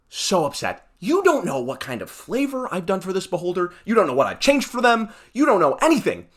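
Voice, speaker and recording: A man's voice: a little high, a bit bright. A young man hosting a solo podcast, ranting in a heated, exasperated way with sarcastic asides. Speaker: podcast host.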